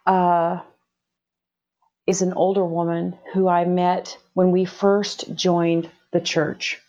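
A woman's voice: lowish voice, flat delivery, takes it slowly, mellow. A middle-aged woman telling a personal story in conversation, earnest, with many restarts. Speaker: guest. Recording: slightly dull lo-fi sound.

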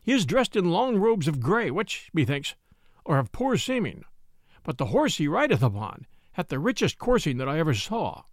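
A man's voice: a little high, sing-song, moderate pace, no echo, studio quality. A man voicing a humble monk who describes what he sees in a storybook reading. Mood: reporting. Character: humble male monk reporting from a window.

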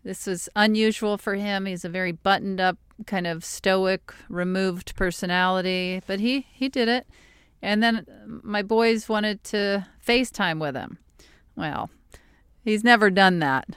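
A woman co-hosting a podcast in casual chat. Her voice is smooth and resonant, recorded close and dry. She tells stories with a deadpan delivery and breaks into laughter. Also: mid-range voice, unhurried, no echo. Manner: dry storyteller, bursts into laughter. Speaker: podcast co-host.

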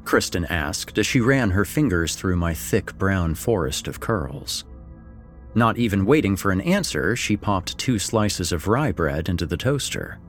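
Male narrator, low and animated, first-person fiction; faint music underneath. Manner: expressive, swings between wry and somber. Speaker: story narrator.

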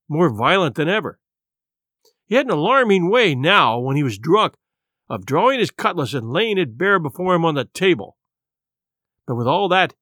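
Male audiobook narrator, slightly high voice, dramatic storybook reading. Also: a bit bright, no echo, studio quality. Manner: dramatic, varied pacing.

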